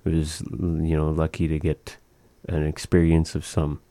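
A man leads a language lesson in a slow, patient way, repeating each word for his listeners. His voice sits very low and sounds mellow. The recording is dry and close. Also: completely flat delivery, no echo. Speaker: language teacher.

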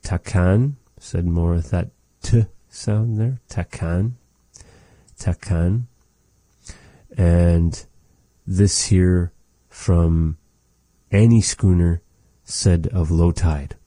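A man teaching vocabulary in a language lesson, explaining words slowly and patiently and repeating each one after the recorded speakers. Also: low-pitched, fairly even intonation, warm tone, no echo.

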